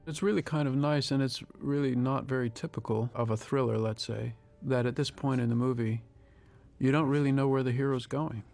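A man in his sixties, a film director giving a reflective, measured audio commentary. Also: mid-range voice, fairly even intonation, darkish tone, faint music behind. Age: 60s. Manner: reflective, measured, with pauses and restarts.

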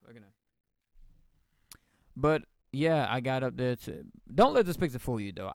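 A man's voice: mid-range voice, a little mellow, clear, resonant tone, dry recording, studio quality. A young man hosting a podcast, telling a personal story in a casual, emotional, rambling way, full of slang and restarts. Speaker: podcast host.

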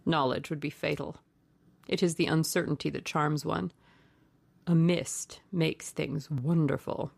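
A woman's voice: sits low, fairly even intonation, unhurried, gravelly, a little mellow, no echo, full character voice. A woman reading the part of a languid, cynical aristocratic man with an ironic drawl.

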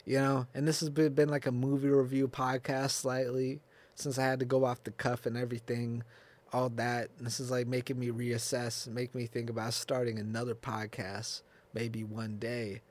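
A man's voice: mid-range voice, flat delivery, normal speed, a little mellow. Rambling, laughing young podcast host guy. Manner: rambling, profane, laughs often, restarts and off-the-cuff asides. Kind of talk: casual solo podcast rant.

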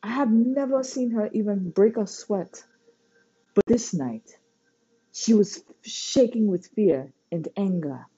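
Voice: mid-range voice, animated, slow pace, dark tone, husky, voice pushed up. A reader voicing a blunt, scolding adult male mentor in a storybook reading. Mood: stern. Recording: dull lo-fi recording.

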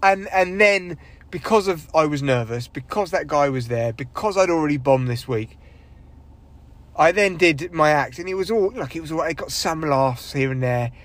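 A man's voice: fairly high pitch, expressive, moderate pace, a bit bright. A young man, a stand-up comedian, talking in a casual solo podcast monologue, rambling, swearing and running himself down. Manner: rambling, sweary, self-deprecating, with big vocal swings when acting out others.

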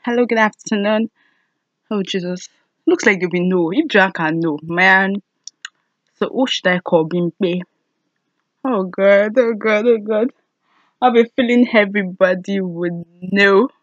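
A young woman, chatting casually to camera as a vlogger, excitable and giggly with loud exclamations. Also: medium pitch, measured pace, no room sound, muffled recording.

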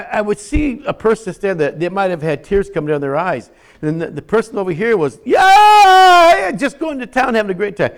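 Preaching from the pulpit, this older pastor has a voice on the high side. He repeats words for emphasis and moves between shouting and almost whispering.

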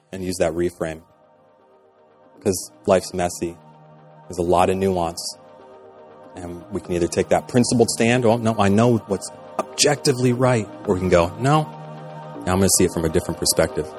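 A man in his thirties delivers a sermon in a relaxed, conversational manner. His voice sits low, and he often breaks into quoted back-and-forth dialogue. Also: moderate pace, long pauses, faint music behind. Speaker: pastor.

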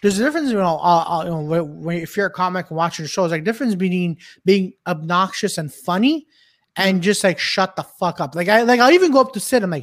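High-voiced rambling man telling stories. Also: expressive, fast talker, no room sound, studio quality. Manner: rambling, laughing storyteller. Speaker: podcast co-host and comedian. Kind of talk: casual chat among friends.

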